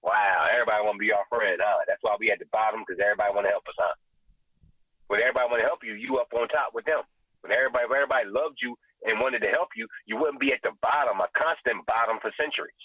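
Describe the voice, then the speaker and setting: A man's voice: mid-range voice, rapid-fire, breathy edge, no room sound. A man, a guest who runs a vegan restaurant, speaking in passionate, preachy podcast commentary and often asking "you know what I'm saying?". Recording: tinny phone-like line, dry.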